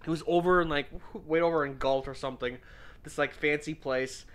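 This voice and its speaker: With a voice a little high and a little fast, the young podcast host chats casually about a party, animated, cursing, and acting out the quotes.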